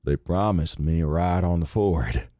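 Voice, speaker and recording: Raspy old Southern war pilot in his nineties, slow and low, put on by a male audiobook narrator. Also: warm tone, dry recording, clean studio sound. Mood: kindly. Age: 90s. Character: very old male WWII fighter pilot, tired, gentle.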